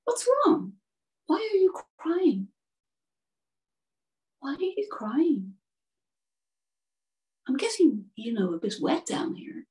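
A woman's voice: big pitch swings, slow, long pauses, full character voice. A woman putting on a chirpy little swallow. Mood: concerned. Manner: high, bright bursts of surprise. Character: chirpy little male swallow, restless and chatty. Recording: distant from the mic.

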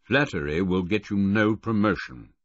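A clipped, dry-humoured commanding officer, read by a man with a low, husky voice. The lines come short and firm, and the recording is muffled and close. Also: normal speed, no room sound.

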